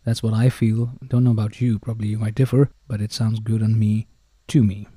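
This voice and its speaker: Man, podcast host, very mellow dark tone, dry close sound, showy address to the audience. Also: fairly low pitch, flat delivery, fairly quick, breathy edge, no room sound. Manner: showy, repeats "ladies and gentlemen". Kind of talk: casual microphone review talk. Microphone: handheld dynamic mic held close.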